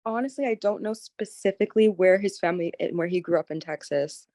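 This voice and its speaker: A woman client answering a medium briefly, with quick affirming replies. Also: on the low side, warm tone, no echo, clean studio sound. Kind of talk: casual chat on a reading.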